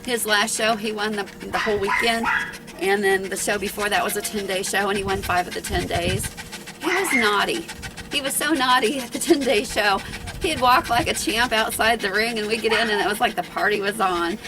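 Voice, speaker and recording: With background noise behind her, a middle-aged dog breeder speaks at a normal speed in a medium pitch for her home video. It's a relaxed, rambling chat, a bit winded, peppered with false starts and fillers.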